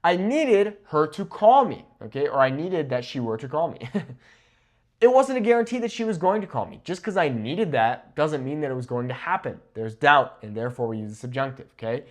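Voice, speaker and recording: A young man teaching a Spanish grammar lesson at a whiteboard. He slows down to say each example clearly and keeps checking in with "okay?". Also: a little high. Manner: lively, repeats "okay?" after each example; slows down to model Spanish pronunciation.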